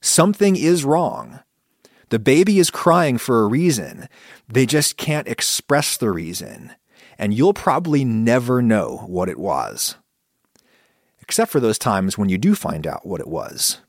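Male podcast host, reflective monologue, lively intonation, dry booth sound. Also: medium pitch, measured pace, dry recording. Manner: conversational, reflective, animated when quoting thoughts.

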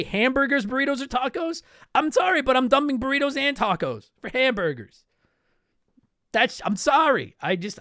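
A man from Canada with a high voice that swings widely in pitch, talking casually on a podcast. He rambles, restarts his sentences and keeps apologizing. The sound is dry and close. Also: fairly bright tone, clear, resonant tone, dry recording. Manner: rambling, self-interrupting, apologetic. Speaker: podcast host answering listener mail.

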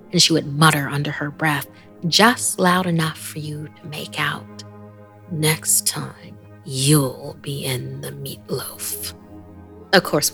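A woman narrating a first-person horror story in a measured, hushed storytelling manner, sometimes sinking almost to a whisper. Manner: slow, low and gravelly, dropping to hushed whispers.

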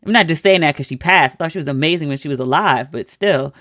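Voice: mid-range voice, quick pace, fairly bright tone, no echo, clean studio sound. A host telling a personal story in a casual monologue, with wry, incredulous asides.

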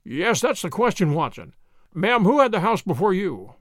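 Man voicing a crisp, sharp-witted detective. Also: sits high, very animated, normal speed, dry recording, clean studio sound. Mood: severe. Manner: crisp, teasing, commanding.

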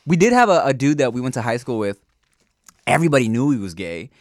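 A man's voice: mid-range voice, very animated, fast talker, no echo, studio quality. Slangy, teasing male podcast co-host. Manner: loose, slangy, teasing banter. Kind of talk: casual chat.

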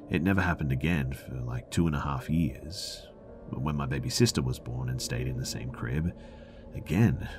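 A man reading a scary first-person story aloud in a hushed, measured way, sometimes dropping to a whisper. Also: a bass voice, a little hiss or hum. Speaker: story narrator.

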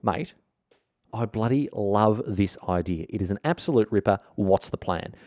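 A man's voice: on the low side, normal speed, darkish tone, dry recording, studio quality, lightly acted. A man with an Australian accent voicing a matey, enthusiastic pope in a comic history retelling. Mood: chummy keen. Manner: chummy, slangy, enthusiastic. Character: matey, cheerfully scheming male pope.

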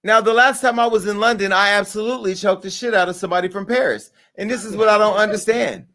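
A man with a notably high-pitched voice rants through comic commentary. He is brash and animated, jumping from loud outbursts to low, muttered asides. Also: quick pace. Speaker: comedy commentary host. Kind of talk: crude comedic rant.

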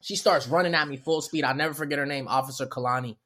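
A man, a comedian guest, telling a story on a podcast in animated, profane street slang. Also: medium pitch, quick pace. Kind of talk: storytelling in casual chat.

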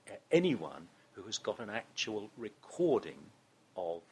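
A man's voice: fairly low pitch, very animated, measured pace, a little hiss or hum. A man with a Southern English accent, a guest in an interview, telling a story with many restarts. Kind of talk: conversational interview.

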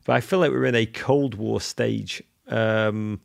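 A man with an English accent co-hosting a casual podcast, talking in an animated, effusive way with frequent restarts. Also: fairly low pitch, unhurried, vocal fry. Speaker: podcast co-host.

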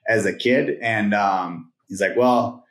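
A man's voice: on the low side, slow pace, fairly bright tone. A man, a podcast guest, rambling through a story with lots of "like" and "right?". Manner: rambling, filler-heavy retelling with "like" and "right?". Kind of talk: casual storytelling. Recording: roomy echoing sound.

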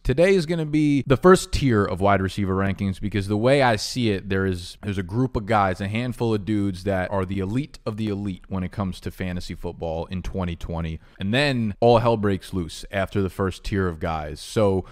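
A man's voice: lowish voice, normal speed, hardly any pauses. A young man hosting a fantasy football channel, talking in a brash, joking, profane way. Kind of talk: casual loud vlog talk.

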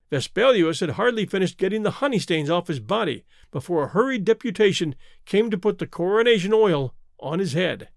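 Male storyteller reading an old tale, high voice that moves around a lot, dry close mic. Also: expressive, brisk, vocal fry, hardly any pauses, no echo. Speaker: narrator. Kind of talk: scripted audiobook narration.

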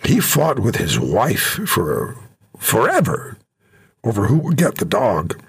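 A man hosting a talk show, telling stories and jokes in an animated, jokey way. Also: lowish voice, slow, husky. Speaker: radio talk show host. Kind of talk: casual storytelling talk.

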